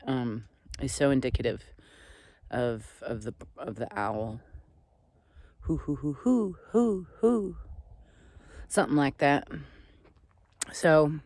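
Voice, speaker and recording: A man vlogging outdoors at a desert campsite on a ridge, speaking in a slow, earnest, meandering way that sometimes sinks to soft near-whispers. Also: medium pitch, no room sound. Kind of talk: reflective spiritual vlog talk.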